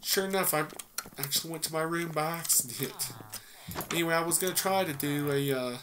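A man's voice: a little high, brisk. A man giving rambling, casual commentary while playing a game, thinking aloud with many fillers. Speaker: gaming YouTuber. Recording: noisy mic with keyboard clicks. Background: keyboard typing.

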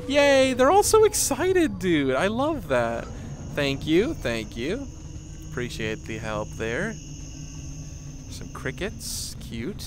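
A man giving casual, excitable commentary while playing a VR game at home, swearing casually and laughing often. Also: medium pitch, noisy background. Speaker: gaming streamer. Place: home room, seated on the floor.

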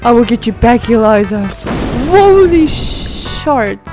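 A high-pitched woman gives excitable let's-play commentary, gasping and exclaiming at the chaos on screen. She talks at an unhurried pace. Faint game music plays under her voice. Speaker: gaming video creator.

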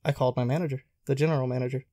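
A young podcast host talks rapid-fire at medium pitch in a casual chat, animatedly retelling restaurant work stories and acting out what people said. The sound is studio quality with no echo.

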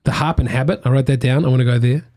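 Australian comedian guest, male, mid pitch, wry rambling podcast banter. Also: racing, mellow. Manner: wry, joking, rambling asides. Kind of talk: casual podcast conversation.

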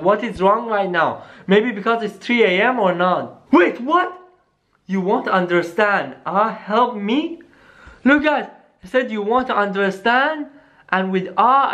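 A vlogger in a staged scary phone-call skit, excitable and talking straight to viewers, dropping into hushed tones at times. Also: mid-range voice. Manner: excitable, keeps saying "guys", drops to hushed tones.

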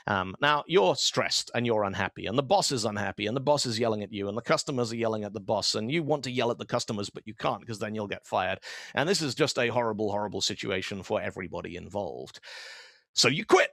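A man's voice: on the low side, fast, creaky, no echo, clean studio sound. A man giving an online tech talk in a conversational way, telling stories and acting out the dialogue in them. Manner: animated storyteller who acts out quoted dialogue; conversational, with frequent fillers and asides. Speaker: conference speaker.

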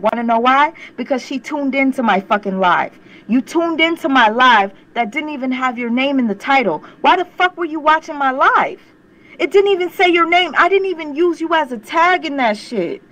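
A woman's voice: a little high, pushed and bright, rough recording. A young woman ranting on her vlog channel, heated, confrontational and swearing often. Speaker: YouTube commentator. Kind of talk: angry rant to camera.

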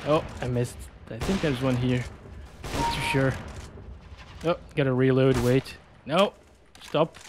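A man giving excitable gameplay commentary, laughing and yelping as he plays. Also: mid-range voice, takes it slowly, long pauses, background noise. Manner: excitable, yelps and laughs at in-game moments. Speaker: gaming YouTuber. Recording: faint game gunfire behind. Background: game gunfire and explosions.

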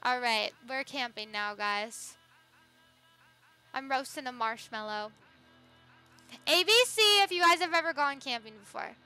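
Bubbly high-voiced woman streamer. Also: a little slow, pauses often, bright, forceful tone, faint music behind. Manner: bubbly, greets viewers by name, swings between squeals and low murmurs. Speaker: livestreamer. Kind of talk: live-stream gaming chat.

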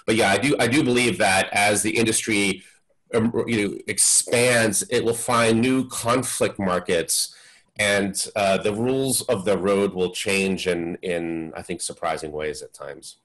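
A man speaking as a guest expert on a webinar panel over a video call, giving measured explanations. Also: fairly low pitch, fairly even intonation, fairly bright tone, low-quality recording.

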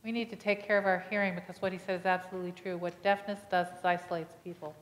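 A woman pastor with a fairly low voice preaches in a church sanctuary, telling stories and acting out the lines of the people in them. Now and then she stops to ask the congregation a question. Her voice rings with the long reverb of the church hall. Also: steady tone, fast talker. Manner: storytelling, acting out dialogue, asking the congregation questions. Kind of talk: sermon.

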